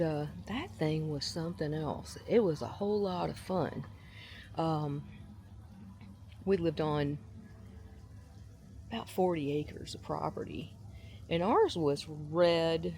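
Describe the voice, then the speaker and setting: A woman, chatting casually as she films her visit to a farm, often breaking into a high, gushing voice at the animals. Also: darkish tone. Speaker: vlogger. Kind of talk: casual outdoor vlog narration. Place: outdoor farm attraction. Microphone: handheld camera mic.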